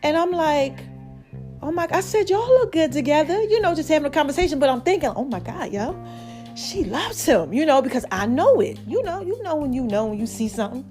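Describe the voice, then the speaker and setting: On her podcast, a woman with a high-pitched, mellow voice tells a story fast and very animatedly, with soft music playing in the background. It's a casual, chatty monologue in which she talks right to her audience, calling them "baby" and "y'all."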